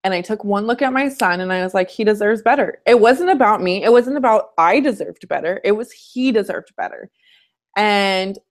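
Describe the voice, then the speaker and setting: A woman hosts a casual live stream from her home, talking in a chatty, open way. She speaks frankly and personally about her own story, with a mid-range voice. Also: medium pitch. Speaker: fitness coach hosting a live stream.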